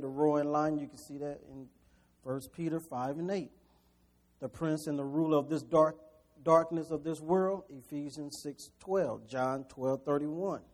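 A man preaching a sermon. He moves between quiet scripture reading and loud, quick preaching, with chuckles as he addresses the congregation. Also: a little high. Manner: chuckles between points and talks straight to the congregation.

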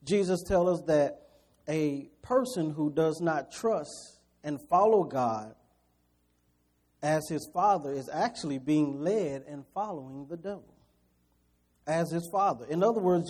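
High-voiced, animated male preacher. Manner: animated, swings from quiet scripture reading to loud, quick preaching; chuckles between points and talks straight to the congregation. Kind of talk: sermon.

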